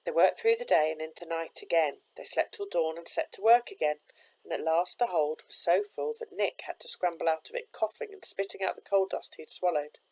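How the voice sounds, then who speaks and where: Woman reading a story aloud, low voice. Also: a little fast, creaky, poor audio. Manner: steady, expressive narration.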